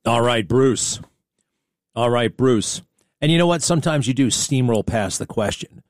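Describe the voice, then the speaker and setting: Man, talk host, sarcastic commentary, animated, dry studio recording. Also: a little slow, no room sound. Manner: animated, sarcastic, voice jumping high when excited. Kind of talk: casual commentary over debate clips.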